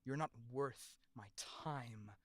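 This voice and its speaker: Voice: slow pace, no room sound, natural voice. Someone voicing a cold, scornful god. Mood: cold contempt. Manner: low, cold, hushed contempt. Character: arrogant self-proclaimed god, scornful of humans. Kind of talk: voice acting audition clip.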